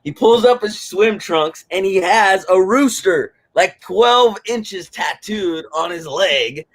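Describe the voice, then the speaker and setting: A man's voice: high-pitched, expressive, slow. A man in his forties spins a rambling story in loose, casual chat. He jokes freely and pokes fun at himself, talking over a video call. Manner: rambling, jokey, self-deprecating. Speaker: guest on a live stream.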